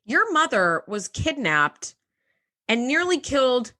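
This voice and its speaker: A woman's voice: high-pitched, sing-song, slow, bright, forceful tone. A young woman co-hosting a podcast in casual chat, ranting in an exasperated way and acting out quotes. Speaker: podcast co-host.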